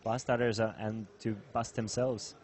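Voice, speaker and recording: A man calls the action at a poker final table live. He talks through hands at a measured pace and breaks down the players' thinking. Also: on the low side, flat delivery, a little mellow. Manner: measured play-by-play, laughs easily. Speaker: poker commentator.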